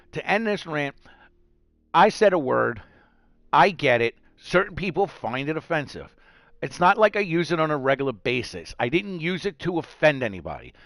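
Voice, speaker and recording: Profane ranting New man, gravelly. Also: on the high side, fairly bright tone, dry recording, studio quality. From New York. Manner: heated, profane ranting with mocking put-on voices. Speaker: gaming vlogger. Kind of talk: angry rant to camera.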